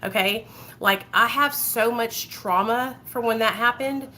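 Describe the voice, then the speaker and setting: A woman's voice: on the high side, unhurried, sharp tone, a little hiss or hum, poor audio. A woman in her thirties talking to her viewers as a vlogger, emotional and rambling, with many fillers and asides. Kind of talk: emotional casual talk to viewers.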